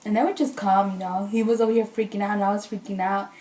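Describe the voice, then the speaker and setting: A young woman vlogging casually, retelling a story in an animated, chatty way with lots of quoted dialogue. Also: mid-range voice, fast, roomy sound.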